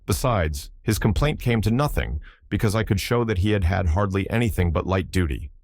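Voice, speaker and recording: A man voicing a cocky young soldier who speaks calmly and contemptuously of his old schoolmaster, in an audiobook. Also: sits low, brisk, dry recording, clean studio sound. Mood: smug. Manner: calm, contemptuous.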